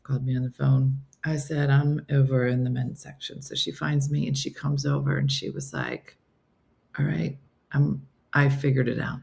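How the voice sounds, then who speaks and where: A woman's voice: extremely low pitch, lively intonation, moderate pace, gravelly, darkish tone. A middle-aged woman hosting a comedy morning show, telling stories in a chatty way and reading viewer comments aloud. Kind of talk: casual chat.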